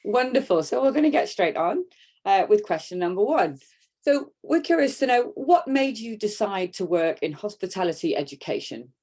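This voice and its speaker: A woman's voice: mid-range voice, very animated, moderate pace, warm tone. A woman hosting a video interview, upbeat and friendly as she introduces her guest.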